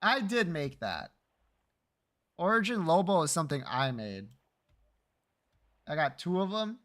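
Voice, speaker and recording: Man, streamer, casual teasing chat, high voice, unhurried. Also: big pitch swings, a bit bright. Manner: joking, teasing chat, swears freely.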